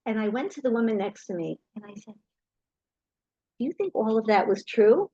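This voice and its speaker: Her pitch leans high and her pace is moderate as she entertains a crowd with stories. The middle-aged storyteller brings her anecdotes to life by acting out each quoted voice. The audio has no echo but sounds lo-fi.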